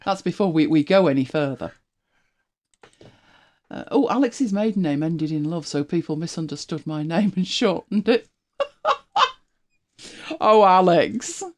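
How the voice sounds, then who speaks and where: A woman's voice: fairly low pitch, lively intonation, measured pace, pauses often, darkish tone, no echo, clean studio sound. A middle-aged woman chatting casually as a podcast co-host, laughing often and telling stories with animation. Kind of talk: casual chat.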